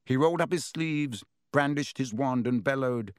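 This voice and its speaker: A man narrating a story aloud in a lively, expressive reading style. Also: mid-range voice, normal speed, clear, resonant tone, dry recording, studio quality. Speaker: audiobook narrator. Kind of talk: scripted narration.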